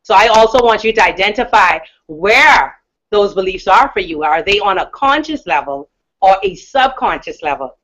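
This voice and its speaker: A woman from the Bahamas with a deep, powerful voice gives an emphatic, encouraging motivational talk as a mindset coach. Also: lively intonation, fairly bright tone. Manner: emphatic, encouraging, with slow stressed words. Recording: dull lo-fi recording.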